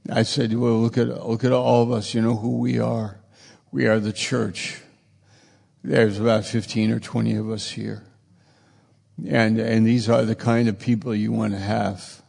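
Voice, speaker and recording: A man's voice: on the low side, flat delivery, unhurried, gravelly, a little mellow, in a large hall. A man preaching a sermon, with repetitive, emphatic phrasing.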